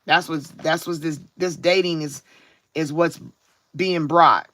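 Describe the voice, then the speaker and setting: A woman's voice: low-pitched, fairly even intonation, a bit bright. A woman giving a live-streamed spiritual card reading in a reflective way, drawing out her key words and often checking in with her listeners. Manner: reflective, drawn-out emphasis, frequent "you know what I'm saying". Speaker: tarot card reader.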